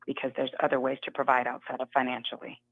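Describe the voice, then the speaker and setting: A middle-aged woman calling in to a radio show, giving her view in an earnest, measured way. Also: extremely low pitch, completely flat delivery, dry recording. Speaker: caller. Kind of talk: phone-in opinion. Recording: dull lo-fi phone line.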